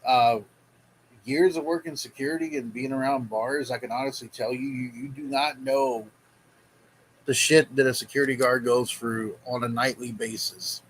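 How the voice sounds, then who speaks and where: A man with a medium-pitched voice and fairly flat intonation talks at a normal speed over a faint hiss or hum in a low-quality recording. Hosting a reaction video as a vlogger, he offers casual commentary full of blunt, profane advice.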